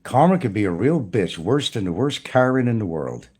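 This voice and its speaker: A man's voice: lowish voice, very animated, moderate pace, darkish tone, a little hiss or hum. A man delivering a blunt, profane, preachy rant as a YouTuber. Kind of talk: ranting monologue to camera.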